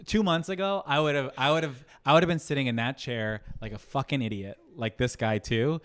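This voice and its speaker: A man running a playful quiz on a podcast, his voice in an ordinary middle range. He reads out questions briskly and slips in teasing jokes. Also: mid-range voice, a bit bright, clear, resonant tone. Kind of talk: casual podcast chat.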